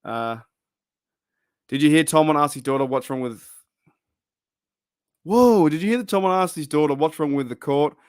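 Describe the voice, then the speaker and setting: A man's voice: fairly high pitch, lively intonation, normal speed, pauses often, a little mellow, clean tone, dry recording, studio quality. Rambling Australian man on a live stream. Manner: rambling, laughs often, trails off and restarts. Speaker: fan channel host. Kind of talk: casual live-stream chat.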